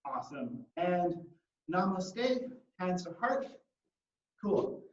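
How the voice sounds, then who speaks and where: A man's voice: sits high, lively intonation, moderate pace, roomy sound. A man teaching an online kids' martial arts class and telling them a story, upbeat and encouraging. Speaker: martial arts kids instructor. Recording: distant lo-fi livestream audio.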